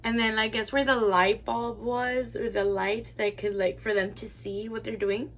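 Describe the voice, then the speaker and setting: A woman's voice: a little high, little pitch movement, normal speed, slight background noise. A young woman vlogger chatting casually, filling her talk with "like" as she tells a personal story while doing her makeup. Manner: chatty, rambling, lots of "like" fillers. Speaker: beauty vlogger.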